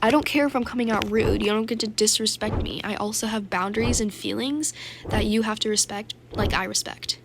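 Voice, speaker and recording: A woman's voice: mid-range voice, fairly even intonation, fairly quick, background noise. A woman telling a casual storytime vlog about a game, chatty and filler-heavy, acting out the dialogue she quotes. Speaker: gaming YouTuber.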